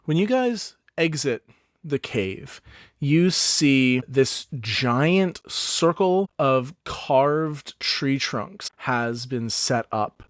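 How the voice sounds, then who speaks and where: A man running a tabletop game as dungeon master, narrating in a casual, chatty way at an even middle pitch. The recording is dry and close. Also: drawn-out words, no echo.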